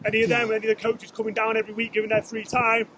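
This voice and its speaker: Coach, male, very high shouting voice, emotional and profane, loud outdoor noise behind. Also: completely flat delivery, racing. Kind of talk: post-game team speech. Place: outdoor sports field.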